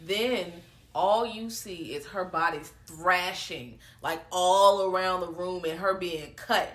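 A woman's voice: on the low side, slow pace, a bit bright. A woman in casual chat, animatedly retelling a film with profane slang and acted-out quotes. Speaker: podcast co-host recapping a film.

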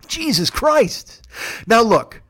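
A man with a high-pitched voice rants about sports on his podcast. He swears constantly and tells his stories with excitable comic energy. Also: slow. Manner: profane, excitable storytelling. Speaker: podcast host. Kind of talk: comedic sports rant.

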